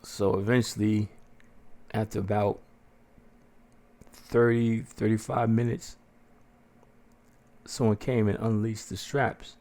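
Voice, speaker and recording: A man hosting a podcast, telling a story casually with plenty of swearing and animated delivery, jumping into a raised voice to act out what people said. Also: fairly low pitch, slow, long pauses. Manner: profane, animated, acts out quotes in a raised voice. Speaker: podcast host.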